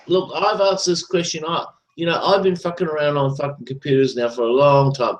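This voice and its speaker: A man running a live chat stream delivers a repetitive, profane, meandering rant at a slightly fast clip. His voice is fairly high with fairly even intonation, and there's a roomy echo.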